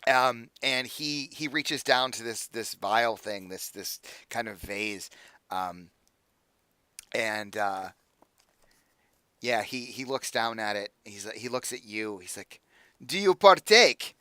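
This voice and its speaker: A young adult man narrating as game master, casual and halting, with many fillers and restarts. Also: on the low side, steady tone, bright, forceful tone, clean tone, no room sound.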